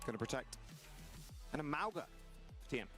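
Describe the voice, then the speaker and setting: A man's voice: medium pitch, very animated, fairly quick, a bit bright, faint music behind. A man calling the action in an esports match, following the plays and reacting as they happen. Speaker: esports play-by-play caster. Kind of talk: esports play-by-play commentary.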